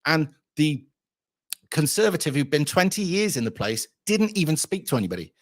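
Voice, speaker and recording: A man's voice: fairly high pitch, sing-song, moderate pace. Blunt, swearing man ranting. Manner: profane, blunt, storytelling with re-enacted dialogue. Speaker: channel host. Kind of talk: casual ranting vlog.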